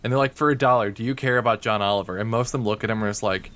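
A man's voice: lowish voice, very fast, a bit bright. A man co-hosting a podcast, chatting casually and rambling, with lots of "like" fillers. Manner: rambling, heavy use of "like". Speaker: podcast co-host. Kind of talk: casual chat. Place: home, talking over Discord.

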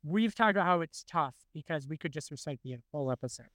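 Podcast co-host, man in his forties, higher voice, smooth tone, dry close-mic sound, chatty and animated. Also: fast talker, no echo. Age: 40s. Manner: animated, quotes cartoon lines in funny voices. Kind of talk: casual chat.

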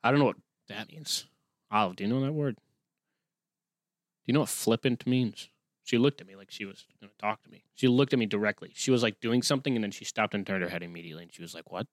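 A man's voice: lowish voice, fast talker, no room sound, clean studio sound. A male podcast host in casual solo chat, rambling and sarcastic, swearing often and breaking off his own reading to comment.

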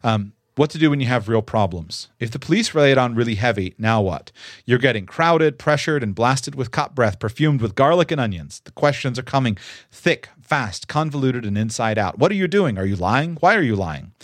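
A man's voice: mid-range voice, lively intonation, moderate pace, no echo, clean studio sound. A young man who reads a guide aloud and adds his own earnest, emphatic advice, stressing the key words. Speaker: instructor giving advice. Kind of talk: reading a guide aloud with commentary.

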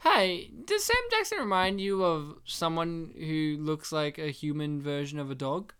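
Smooth-voiced man cracking crude jokes. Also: a little high, expressive, measured pace, a bit bright. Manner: crude joking banter, frequent laughter. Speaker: podcast co-host. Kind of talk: casual movie commentary podcast.

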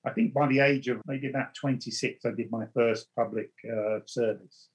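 A man's voice: mid-range voice, steady tone, moderate pace, breathy edge, rough recording. A man, a medium, earnestly recounting his experiences in conversation and often restarting his words. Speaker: spiritual medium. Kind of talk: storytelling in conversation.

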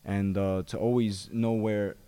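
A man's voice: lowish voice, little pitch movement, unhurried, dark tone, clear, resonant tone. A man, a professional fighter, talking reflectively in a podcast chat, with many restarts and repeated phrases.

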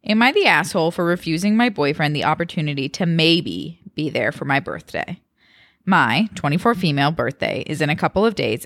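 A woman's voice: low-pitched, a bit bright, no room sound, studio quality. A young woman co-hosting a podcast, chatting casually and reading a forum post aloud in an easygoing tone. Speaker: podcast co-host.

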